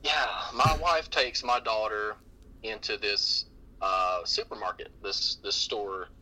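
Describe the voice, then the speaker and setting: A middle-aged man telling family stories on a podcast in casual chat, animated and often laughing, with many restarts. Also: fairly low pitch, slow, low-quality recording. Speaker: podcast guest.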